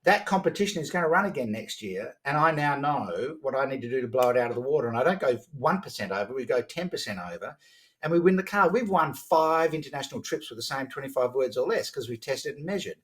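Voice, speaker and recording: A man, a podcast guest telling stories about sales in a lively conversational way, often restarting his sentences. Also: mid-range voice. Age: 50s. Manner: animated, quick to act out dialogue, frequent restarts. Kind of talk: conversational storytelling.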